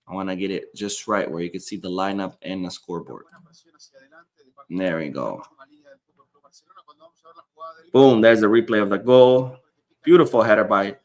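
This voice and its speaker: A man's voice: fairly low pitch, a bit bright. Opinionated man hosting a football stream. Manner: opinionated, rambling, reads viewer comments aloud. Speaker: livestream host reading chat. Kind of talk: casual football watchalong commentary.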